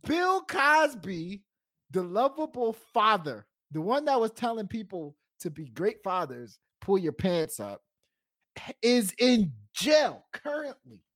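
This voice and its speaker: A man's voice: high voice, sing-song, takes it slowly, fairly bright tone, no echo, clean studio sound. A man co-hosting a podcast, joking and laughing often in casual banter. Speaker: podcast co-host.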